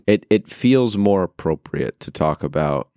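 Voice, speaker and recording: A man with a very low voice co-hosts a casual podcast. He keeps his banter short and laid-back, then turns earnest to make a point, and the recording is dry and close. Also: lively intonation, unhurried, darkish tone, no room sound. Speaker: podcast co-host.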